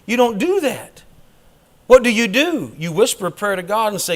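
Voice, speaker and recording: A man teaching a church Bible class in a preaching style, emphatic and dropping quick humorous asides. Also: sits high, sing-song.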